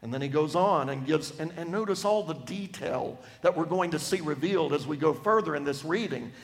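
A man preaching a sermon on a Bible passage, emphatic, dropping from loud to hushed for effect. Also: fairly high pitch, lively intonation, normal speed. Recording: long reverb of a large hall.

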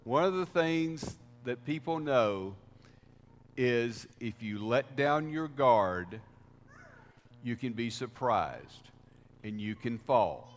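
A man preaching a sermon as pastor, deliberate, with swells of emphasis. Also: mid-range voice, animated. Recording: reverberant hall sound.

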